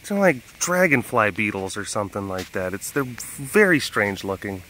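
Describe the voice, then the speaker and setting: A man keeping big cats, narrating a casual vlog outdoors and cooing softly at the animals in baby talk. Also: lowish voice, sing-song, normal speed, slight background noise. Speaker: big cat keeper.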